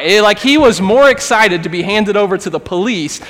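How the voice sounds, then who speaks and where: Male pastor, thirties, earnest sermon, casual storytelling, slightly raised pitch, long hall reverb. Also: animated, fairly quick, hardly any pauses, fairly bright tone. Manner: earnest, conversational, acts out quoted voices. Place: church sanctuary.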